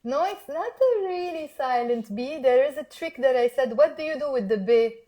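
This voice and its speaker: A Lebanese woman with a high voice teaches her dialect in a live online lesson. She coaxes her viewers to repeat after her and slows down to spell out each word. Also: animated, mellow. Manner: encouraging, coaxing viewers to repeat aloud. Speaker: Arabic teacher.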